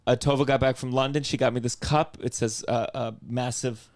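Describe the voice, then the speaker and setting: A man hosting a podcast in casual chat, joking with quick asides. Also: medium pitch, fairly even intonation, dry recording. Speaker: podcast host.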